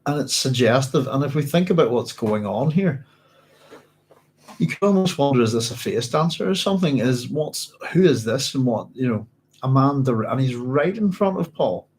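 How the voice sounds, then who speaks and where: A man's voice: mid-range voice, expressive, normal speed, a little mellow, low-quality recording. A man hosting a book club at home, reading a novel aloud and musing over it in a rambling, self-correcting way.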